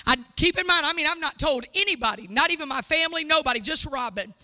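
A woman preacher telling her testimony in an animated, exclaiming sermon style before a live church audience. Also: high voice, fast talker. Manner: animated storytelling, exclaiming and laughing.

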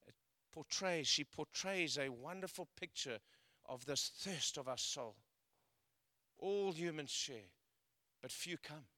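A man preaching a sermon, telling stories and swinging between loud emphatic peaks and quiet asides. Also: fairly high pitch, animated, takes it slowly, no echo. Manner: storytelling, building to loud emphatic peaks then dropping quiet. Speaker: guest preacher.

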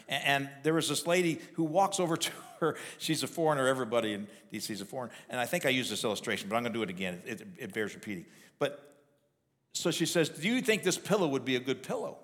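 A man's voice: mid-range voice, fairly bright tone, big-room sound. A male pastor giving a sermon, talking in a conversational way with frequent restarts and repeated words. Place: church sanctuary.

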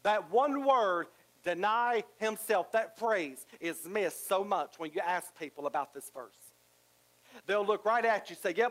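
High-voiced preacher man. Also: rough recording. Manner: preaching with rising emphasis and repetition. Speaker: pastor. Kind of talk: sermon.

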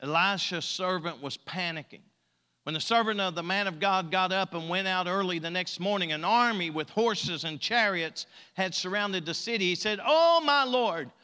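Pastor, male, high bright voice, emphatic drawn-out preaching with humor, church hall reverb. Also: smooth. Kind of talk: sermon. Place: church sanctuary.

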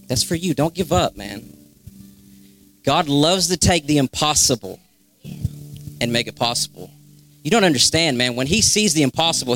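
A man's voice: mid-range voice, fairly bright tone. A young man giving a spontaneous, fervent exhortation in a church, repeating phrases for emphasis. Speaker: church member sharing a word. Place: church sanctuary.

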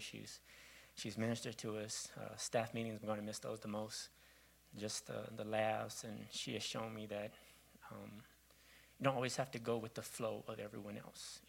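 A man giving an earnest farewell tribute to his pastor in church, halting and restarting. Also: fairly low pitch, gravelly, a little hiss or hum, poor audio. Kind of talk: heartfelt church farewell speech. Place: church sanctuary.

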